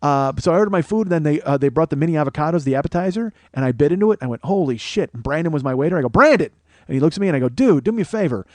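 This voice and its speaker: A man's voice: a little high, expressive, rapid-fire, few pauses, darkish tone, no room sound. A man host telling a rambling, profane comedic story as a monologue.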